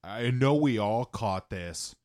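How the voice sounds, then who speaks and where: A man with a low voice talks through a film with his co-hosts. His pitch rises and falls a lot, and he delivers his jokes wryly. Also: lively intonation, slow pace, a little mellow. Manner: wry, joking. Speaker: podcast co-host. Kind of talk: casual movie chat.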